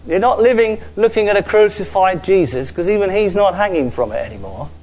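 Earnest preacher man, slightly high voice. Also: expressive, a little mellow, low-quality recording. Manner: earnest, with halting restarts and repeated words; slows down to stress key phrases. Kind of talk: sermon. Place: church gathering with a screen before an audience.

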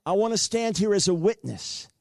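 An older man delivers a sermon in a fairly high voice, recounting his own story with earnest repetition. The sound is close and dry, with no room around it. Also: expressive, moderate pace, vocal fry, darkish tone, no room sound. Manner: earnest storytelling with frequent repeats. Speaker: preacher.

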